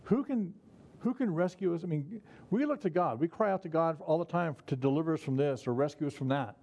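A man's voice: on the high side, fairly quick, a little mellow. A man preaching a conversational sermon, folksy in manner and chuckling at his own remarks. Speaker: pastor.

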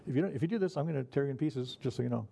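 A man preaching who voices God as blunt and challenging, in a somewhat raised pitch. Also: animated, rapid-fire, mellow. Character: God speaking, stern and blunt, male.

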